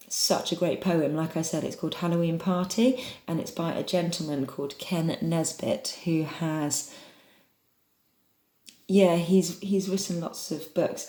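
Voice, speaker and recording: A woman's voice: low-pitched, warm tone. English woman, drama teacher, encouraging and chatty, echoey home recording. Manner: encouraging, chatty, demonstrates voices. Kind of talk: online drama lesson for children. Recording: echoey room.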